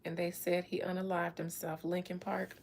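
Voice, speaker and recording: A woman's voice: on the low side, flat delivery, normal speed, creaky, darkish tone, slight background noise. A woman doing a spiritual reading, chatting casually with viewers, playful and slangy with laughing asides. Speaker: spiritual reader talking to viewers. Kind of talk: casual livestream chat.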